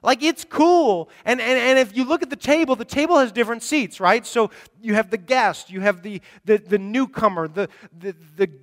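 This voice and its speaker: A man's voice: extremely high pitch, normal speed, hardly any pauses, fairly bright tone. A man preaching a conversational sermon as pastor, rambling and often repeating words as he talks. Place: church sanctuary. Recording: long reverb of a large hall.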